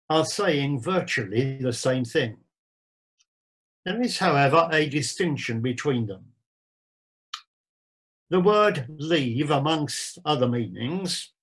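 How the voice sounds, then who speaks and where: Slow, measured man preaching a sermon. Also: fairly high pitch, low-quality recording. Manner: measured, deliberate Bible exposition with emphatic repetitions.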